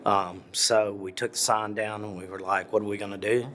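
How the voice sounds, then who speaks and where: A man's voice: lowish voice, flat delivery, normal speed, fairly bright tone, a little hiss or hum. A man who owns a barbecue restaurant, telling how it began in a casual way. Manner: casual storytelling.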